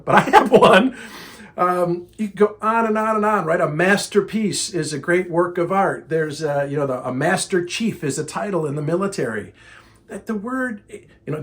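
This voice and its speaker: A middle-aged man, a speaker and trainer, telling a story casually and acting out both sides of an exasperated argument. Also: a little high. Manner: animated, exasperated retelling with quoted dialogue.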